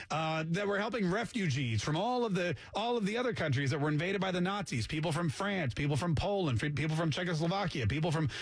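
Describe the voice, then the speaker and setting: Male talk radio host, high husky voice, sarcastic and joking, close dry studio mic. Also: no echo. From Canada. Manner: sarcastic, mocks accents with jokey asides. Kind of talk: casual talk radio monologue.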